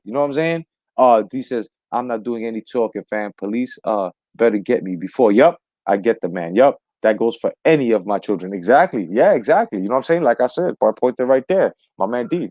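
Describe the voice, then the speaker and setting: Guy on a live stream going off, swearing a lot, shouting out chat, dry close mic. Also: mid-range voice, no echo. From United States. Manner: profane, emphatic, greets chat viewers. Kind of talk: heated live stream commentary.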